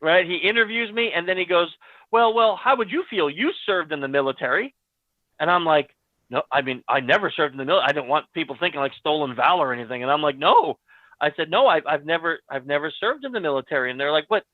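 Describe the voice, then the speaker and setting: A man telling a story with lots of animated acted-out dialogue, on a video call. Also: a little high, fast, dry recording. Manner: excited, acts out quoted dialogue. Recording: dry tinny phone-like audio.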